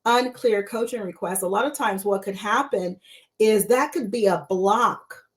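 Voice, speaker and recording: A woman's voice: mid-range voice, a little slow. A woman mentor coach teaching a live-streamed coaching lesson, repeating rhetorical questions to her viewers.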